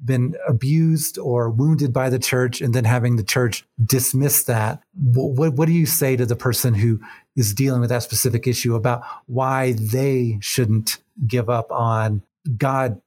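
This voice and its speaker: Man, podcast host, measured halting questions, middle pitch. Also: a little mellow. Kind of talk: interview questions.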